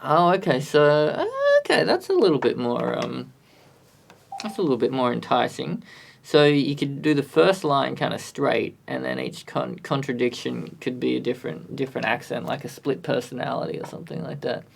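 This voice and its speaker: Musician guy on a live stream, thinking out loud, self-deprecating, pitch jumps all over. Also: animated, moderate pace, creaky, husky. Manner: thinking aloud, chatting with viewers, self-deprecating. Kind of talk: casual live-stream chat.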